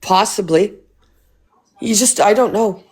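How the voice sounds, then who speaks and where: A woman's voice: mid-range voice, measured pace, darkish tone, breathy edge. Woman on a livestream, blunt and sweary, keeps asking why would he, talks straight to her viewers. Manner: blunt, swears freely, asks rhetorical questions. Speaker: livestream host. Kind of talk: casual livestream chat.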